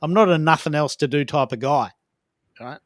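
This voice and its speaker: A man's voice: a little high, moderate pace, dry recording, studio quality. A man hosting a casual online audio chat, enthusiastic and fond of rhetorical questions. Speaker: host.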